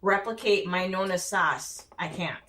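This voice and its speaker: A woman guest chatting on a radio show, sounding set back from the microphone in a roomy space. She talks freely and often chimes in with short agreements while the host speaks. The room echo softens her voice. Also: lowish voice, unhurried, far from the mic, slight background noise. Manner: chatty, frequent agreeing interjections. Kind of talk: casual radio chat.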